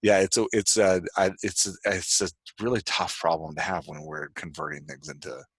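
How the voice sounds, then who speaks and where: A man's voice: low voice, expressive, normal speed, vocal fry, slightly rough, no room sound. A man hosting a podcast interview in a loose, rambling way, with lots of fillers like "like" and "you know". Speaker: podcast host. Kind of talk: casual interview chat.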